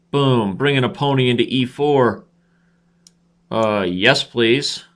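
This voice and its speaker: A man's voice: medium pitch, expressive, takes it slowly. A man in his thirties hosting a live chess stream, commentating his own games with playful trash talk and asides to viewers.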